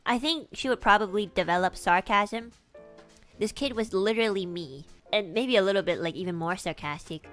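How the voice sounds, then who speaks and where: A young adult woman streamer telling a casual story in an animated way, swearing freely and laughing often. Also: medium pitch, normal speed, faint music behind.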